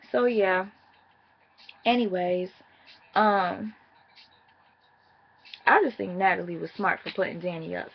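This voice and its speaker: A woman's voice: fairly low pitch, vocal fry, muffled recording. A woman chatting casually and profanely as she recaps a reality show for her viewers.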